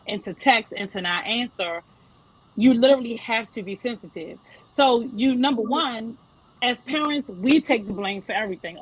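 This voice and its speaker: A woman's voice: on the high side, animated, moderate pace, slightly rough, rough recording. A woman in her thirties speaking as a panel guest, giving earnest, emphatic advice to parents. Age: 30s. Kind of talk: panel discussion.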